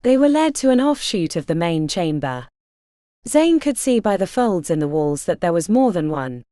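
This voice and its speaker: A woman narrating a fantasy audiobook in an expressive storytelling manner. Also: fairly low pitch, normal speed, no echo, clean studio sound.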